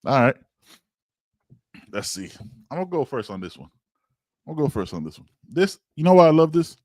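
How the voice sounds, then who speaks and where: A man hosting a casual sports podcast over a video call, animated and playful, trash-talking as he reacts. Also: lowish voice, a little fast, long pauses, no echo. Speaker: podcast host.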